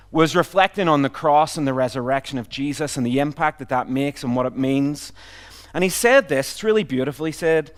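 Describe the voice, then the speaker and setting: A middle-aged man from Northern Ireland with a Northern Irish accent tinged by Canadian and Australian, preaching a sermon as a visiting pastor in a humorous, self-deprecating, conversational way. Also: on the high side. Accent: Northern Irish, mixed with Canadian and Australian.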